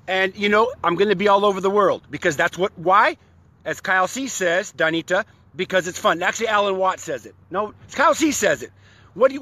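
A man's voice: sits high, sharp tone. A man hosting a live stream for his online community, talking to followers in a playful, exuberant, rambling way and breaking into silly songs. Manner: rambling, many restarts, greets viewers by name. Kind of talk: live-stream chat to followers with sung bits.

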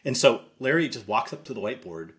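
A man's voice: mid-range voice, animated, quick pace, a bit bright. A middle-aged man, an investor guest in an interview, telling stories with many fillers and acting out remembered dialogue. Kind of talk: interview storytelling.

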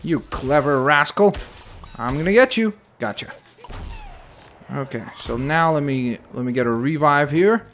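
A young man giving casual running commentary over a shooter game, animated and quick to exclaim when things go wrong. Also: on the high side, a little hiss or hum. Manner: animated, exclaims at setbacks, jokey asides. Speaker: gameplay commentator. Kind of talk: gameplay commentary.

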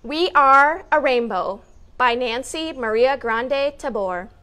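A high-pitched woman leads a children's story time with bouncy, encouraging energy. She laughs easily and cheers the kids along while sitting on the floor, her voice caught close on a clip-on mic. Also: expressive, slow pace, bright, forceful tone, clean tone. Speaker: family educator hosting children's story time. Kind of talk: upbeat instructions for young children. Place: sitting on a hard floor indoors. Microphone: clip-on mic with wires.

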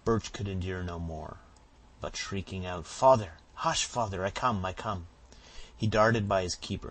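Deep-voiced male audiobook narrator. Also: creaky, a little hiss or hum, rough recording. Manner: dramatic reading, raising voice for shouted lines. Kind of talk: scripted narration.

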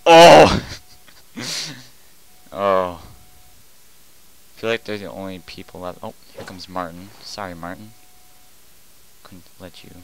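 Young man yelling over a game. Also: deep voice, big pitch swings, takes it slowly, vocal fry, pauses often, a little hiss or hum, rough recording. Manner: jumps between quiet muttering and loud panicked yelling. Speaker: gaming commentator. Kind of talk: excited gameplay commentary.

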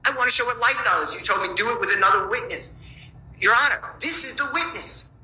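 A man's voice: high-pitched, fast talker, bright, forceful tone. Insistent male lawyer in an echoey courtroom. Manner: insistent, pleading, repeats his points. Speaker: defense attorney. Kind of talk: courtroom argument to a judge.

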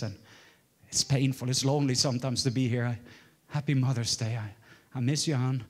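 Guy in his 40s preaching, storytelling, gets loud then goes real quiet. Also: medium pitch, fairly even intonation, a little fast. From Norway. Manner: storytelling, swinging from loud exclaims to hushed murmurs. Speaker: guest preacher. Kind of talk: sermon.

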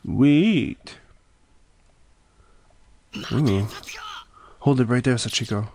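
A young man hosting a let's play, reading the game's dialogue aloud and reacting with excitable, profane outbursts. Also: medium pitch, normal speed, slight background noise.

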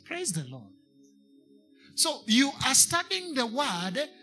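Bright, high-voiced Kenyan man preaching. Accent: Kenyan English. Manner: preaching to a congregation, switching into Swahili, emphatic repetition. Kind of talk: sermon.

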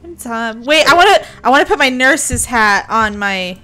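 A woman's voice: a little high, lively intonation, moderate pace, sharp tone. A woman chatting casually while gaming, giggly and self-deprecating. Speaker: gamer. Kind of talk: casual gameplay banter.

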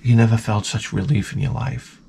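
A man's voice: fairly low pitch, fairly even intonation, normal speed, creaky, dark tone, slight background noise. Profane rambling man telling stories. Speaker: podcast host. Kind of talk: crude comedic storytelling.

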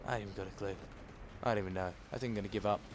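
A man's voice: on the low side, steady tone, very fast. A man giving live gameplay commentary as a gaming video host, swinging between frustrated outbursts and muttered asides.

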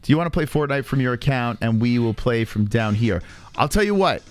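A man's voice: medium pitch, expressive, fairly quick, soft background music. A man in his thirties hosting a casual livestream chat, rambling with fillers and restarts and swearing freely. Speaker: streamer host.

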